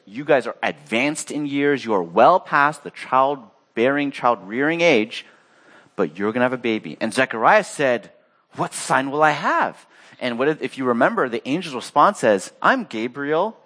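A man preaching a sermon, reading scripture and telling stories in an animated way, acting out the voices he quotes. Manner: animated storytelling, acts out quotes with big pitch jumps. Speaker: pastor.

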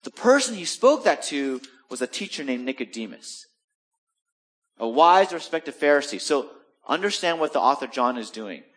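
A man's voice: very animated, normal speed. Man preaching in a chatty, storytelling way. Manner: conversational storytelling with jokes and acted asides; drops to a soft low voice for serious points. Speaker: pastor. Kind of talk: sermon.

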